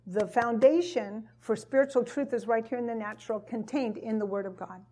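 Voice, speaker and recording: A woman's voice: on the high side, brisk, dark tone, husky. A woman teaching a sermon to a gathered audience, emphatic and repeating her key phrases. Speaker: Bible teacher.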